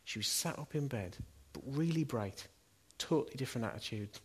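A middle-aged man preaches in a church, his voice slightly husky and breathy. He talks in an earnest, conversational way and keeps asking his listeners rhetorical questions. His pitch sits at a mid level for a man. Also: expressive, brisk. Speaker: pastor. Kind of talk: sermon.

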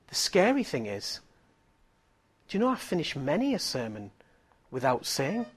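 A middle-aged man with a slightly raised voice tells a sermon story. He swings from hushed, near-whispered moments to loud, excited exclaiming. He is a lively preacher. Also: high voice, normal speed.

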